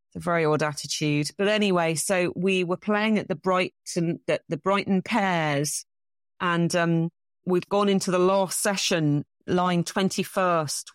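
Brief: middle-aged English woman, lowish voice, animated anecdotal guest, dry close sound. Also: no room sound. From England. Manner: anecdotal, self-deprecating, animated storytelling. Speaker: bridge champion guest. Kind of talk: casual interview.

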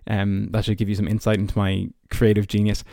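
A man's voice: fairly low pitch, completely flat delivery, fairly quick, creaky, warm tone, no echo. Chatty young Irish man, dry sound. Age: early 20s. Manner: chatty, many fillers like "like" and "you know". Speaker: podcast host. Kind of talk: casual personal storytelling.

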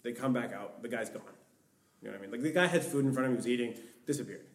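A man's voice: medium pitch, rapid-fire. Man telling a story in an echoey room. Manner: rambling, heavy use of "like". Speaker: podcast guest. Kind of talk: storytelling in casual conversation. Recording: echoey room, distant mic.

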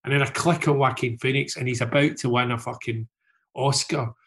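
A man's voice: mid-range voice, fairly even intonation, brisk, fairly bright tone. A man telling a long anecdote in casual talk, swearing freely and tagging lines with "right?". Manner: swears freely, rambling with many "right?" tags. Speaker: guest storyteller.

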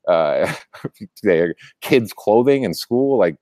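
A young man hosting a casual political chat show, talking in an animated way, laughing often, restarting his sentences and swearing freely. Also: fairly low pitch, takes it slowly, dry recording. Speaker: show host.

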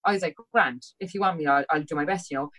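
Woman, Cork Irish accent, animated storyteller, swears freely, acts out dialogue, casual podcast chat. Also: sits low, quick pace, rough recording. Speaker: podcast guest.

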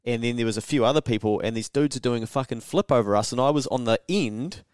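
A young man from New Zealand with a New Zealand accent, co-hosting a podcast and telling travel stories in a casual, animated way, swearing freely and acting out the voices of people he quotes. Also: mid-range voice, quick pace, clean tone, no room sound, studio quality. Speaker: podcast co-host. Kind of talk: casual storytelling chat.

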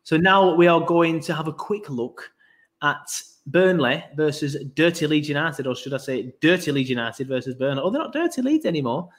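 A man's voice: fairly high pitch, normal speed, fairly bright tone. A man hosting a football podcast, chatty and rambling, with many asides. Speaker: podcast host. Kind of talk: casual chat.

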